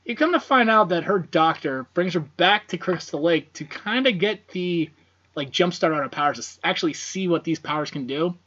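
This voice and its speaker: A man's voice: high voice, normal speed, pushed and bright. A man co-hosting a casual horror film podcast, who rambles with lots of fillers and swears freely. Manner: rambling, profane, many fillers. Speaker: podcast co-host. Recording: dull lo-fi podcast audio.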